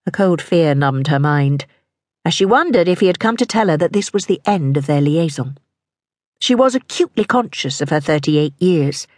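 A woman narrating a historical novel for an audiobook in a measured, even manner. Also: low voice, dry recording.

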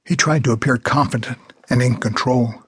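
A man reads his own novel aloud in a measured, plain way, his voice husky and breathy at the edges. The sound is dry and close, with no room around it. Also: medium pitch, a bit bright, dry recording. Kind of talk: scripted audiobook narration.

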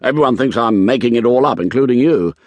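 Brief: male narrator voicing a blustering older racing director, audiobook, lively indignant pitch, dry booth. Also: moderate pace, no room sound. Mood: irritated. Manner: blustering and irritable. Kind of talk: audiobook character voice.

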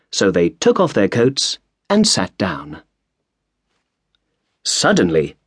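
A man narrating a storybook in a measured, expressive way, close to a studio mic. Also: lowish voice, slightly rough, dry recording. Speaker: audiobook narrator.

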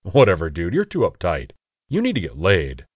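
A man's voice: sits low, wildly swooping pitch, normal speed, slightly rough, no echo, clean studio sound, heavily acted. A man voicing a brash young man who teases his friend with crude jokes. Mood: teasing. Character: crude joking young man, the hero's buddy.

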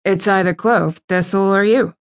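A woman narrating an audiobook, voicing a relaxed, dry-humored young man. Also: medium pitch, moderate pace, natural voice. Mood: easygoing. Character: wry laid-back young man, a boyfriend.

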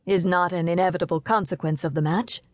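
A woman voicing a middle-aged father who speaks low, sadly and in a measured way in an audiobook. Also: dry recording, close to an everyday voice. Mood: grave.

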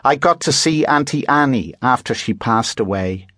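A man voicing a calm, matter-of-fact young girl. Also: mid-range voice, moderate pace, no echo, clean studio sound. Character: calm twelve-year-old girl, undertaker's daughter.

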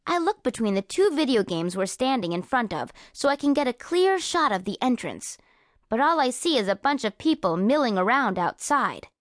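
A woman narrating a first-person audiobook in a lively, expressive storytelling manner, close to a studio mic. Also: on the high side, moderate pace, no echo.

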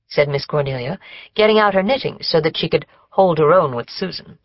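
A woman narrating an audiobook in a measured, even storytelling manner. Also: deep voice, dry recording, lo-fi sound. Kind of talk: scripted narration.

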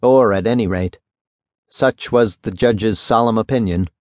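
A man narrating a literary novel in a measured, even storytelling voice. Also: lowish voice, dry recording. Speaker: audiobook narrator.

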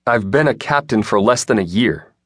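A man's voice: lowish voice, expressive, a little fast, a bit bright, dry recording, pitched above the performer's own voice. A male audiobook narrator voicing a young starship captain who talks bluntly and objects, recorded dry in a studio. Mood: tense.

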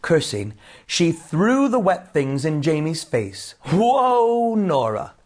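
A man narrating a children's storybook in an expressive, unhurried way. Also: a little high. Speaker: audiobook narrator.

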